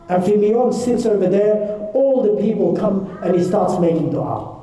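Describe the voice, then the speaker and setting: Man storyteller for a kids' class, high and dark-toned, heard from far off in a big echoey hall. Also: lively intonation, unhurried. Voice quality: casual, repeats himself, many fillers and restarts. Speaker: Islamic teacher telling a story to children and teens. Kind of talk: storytelling lesson. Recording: echoey hall, distant mic.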